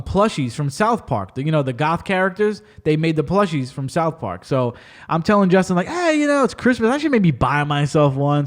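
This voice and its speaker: A man hosting a podcast, casually telling stories with animated, acted-out quotes and frequent laughter. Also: fairly high pitch. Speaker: podcast host. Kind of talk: casual storytelling chat.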